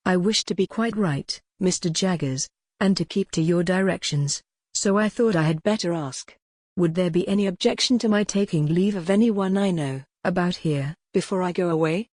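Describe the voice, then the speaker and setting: A woman's voice: fairly low pitch, moderate pace, dry recording, clean studio sound, natural voice. A text-to-speech woman's voice reading the lines of a polite, earnest young man in a classic novel audiobook. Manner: even, machine-read delivery.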